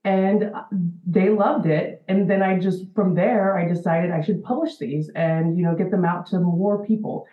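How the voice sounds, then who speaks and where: A woman's voice: fairly low pitch, fairly even intonation, a little slow. A woman in her forties, a special-needs educator, explaining earnestly in an interview with frequent fillers. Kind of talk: interview answers. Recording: tinny phone-like line in an echoey room.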